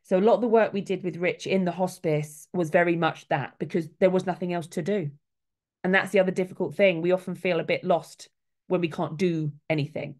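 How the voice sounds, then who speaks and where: A woman's voice: fairly low pitch, fairly even intonation, brisk, a little mellow. A middle-aged woman, a soul midwife, talking casually and earnestly, with quoted voices acted out along the way. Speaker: soul midwife, guest speaker.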